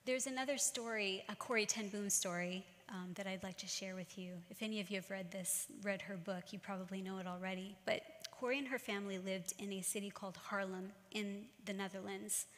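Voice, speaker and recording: Middle-aged woman preaching in a church, steady earnest storytelling, long echo off the hall, mid pitch. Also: brisk, few pauses. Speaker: church speaker. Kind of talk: sermon-style talk.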